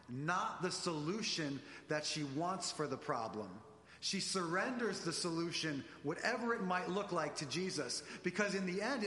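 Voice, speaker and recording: A man delivering an animated sermon, speaking directly to the congregation in a church. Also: high voice. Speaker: preacher. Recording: echoey church hall.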